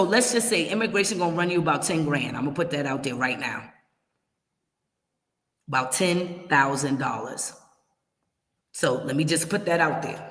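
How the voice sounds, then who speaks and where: A woman hosts a livestream of relocation advice, talking straight to her viewers. She is emphatic and repeats her warnings. Her voice rings in a roomy space with a long tail of echo. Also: sits low. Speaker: relocation services host. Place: her home in Kenya.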